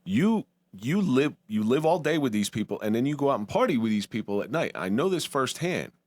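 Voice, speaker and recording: A man's voice: medium pitch, very animated, a little fast, a little mellow, no echo. A middle-aged man hosting a podcast, chatting in an emphatic, conversational way. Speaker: podcast host. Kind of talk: casual chat.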